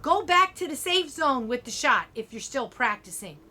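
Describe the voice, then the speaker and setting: A woman's voice: a little high, slow pace, breathy edge, heavily acted. A woman voicing a strict female track coach who scolds firmly. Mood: stern. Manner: stern, scolding.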